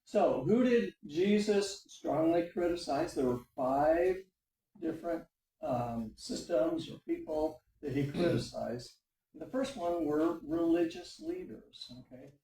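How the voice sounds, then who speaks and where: Man teaching adult class, mellow tone, roomy church classroom picked up from afar, halting with fillers. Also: fairly high pitch, animated, creaky. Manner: lecturing with frequent fillers and "okay?" checks. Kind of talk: classroom lecture with discussion. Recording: roomy, mic at a distance.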